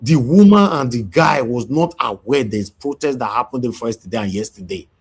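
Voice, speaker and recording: A man's voice: mid-range voice, normal speed, husky. A man with a Nigerian accent hosting a heated discussion, talking in an angry, emphatic rant. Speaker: show host.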